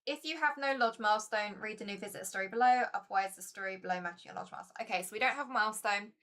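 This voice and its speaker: Bright, chatty woman streaming. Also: mid-range voice, racing. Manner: chatty, giggly, easily excited. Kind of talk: casual live-stream board game playthrough.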